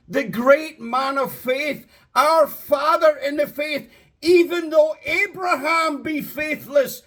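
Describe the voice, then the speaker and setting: A man preaching a sermon with passion, drawing out key words for emphasis and building up to shouts. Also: very high-pitched. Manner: impassioned, rising to shouts; slow, drawn-out emphasis.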